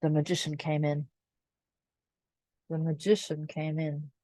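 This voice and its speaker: A woman reading a children's picture book aloud in a clear, measured way. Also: sits low, completely flat delivery, dark tone, no room sound. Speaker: storyteller.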